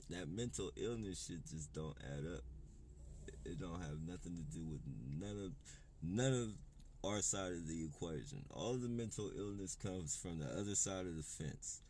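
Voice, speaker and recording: A man with a very low, dark voice rants straight to his audience, heated and full of profanity. He rambles and trips over his own words as he goes, restarting sentences again and again. A faint hiss of noise sits under the recording. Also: lively intonation, unhurried, long pauses. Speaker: vlogger. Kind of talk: unscripted rant to camera.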